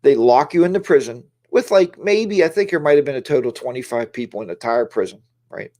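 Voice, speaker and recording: A man's voice: medium pitch, expressive, fast talker, mellow. A man hosting a casual livestream, talking in a rambling, chatty way and greeting viewers by name, on a lapel mic in a home studio. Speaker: livestream host.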